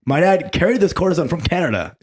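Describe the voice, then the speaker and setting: A man co-hosting a comedy podcast, telling animated, profane stories and laughing often. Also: a little high, fast talker, slightly rough. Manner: animated storyteller, laughs often, swears freely. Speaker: podcast co-host. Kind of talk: casual comedic chat.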